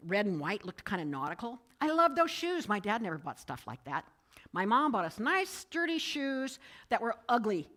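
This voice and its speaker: A woman giving a conversational church message, telling personal stories and quoting others. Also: medium pitch. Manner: storytelling, animated, quoting others in changed voices. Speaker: speaker giving a Sunday message. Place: church sanctuary.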